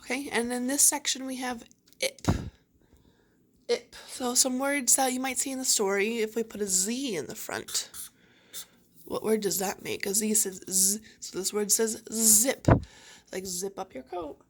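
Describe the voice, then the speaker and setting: A woman teacher giving a phonics reading lesson to young children, slowly sounding out each word. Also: a little high. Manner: slow, clearly sounding out words.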